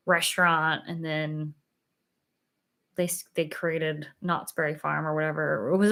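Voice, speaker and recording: Young woman host, casual livestream chat, lower voice, giggly, filler-heavy, a bit tired. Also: a bit bright. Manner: chatty, giggly, lots of fillers. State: a little tired.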